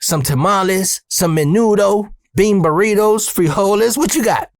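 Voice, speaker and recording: A man's voice: high voice, normal speed, no room sound, clean studio sound, voice pushed up. A man doing a mocking, crude construction boss. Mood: teasing. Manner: mocking, gruff, wisecracking. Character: crude teasing heavyset male construction boss.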